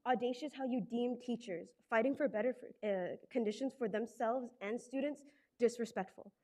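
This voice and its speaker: A woman's voice: on the high side, moderate pace, dark tone. A teenage girl giving an indignant, accusing public comment to a school board. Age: teens. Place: school board meeting room.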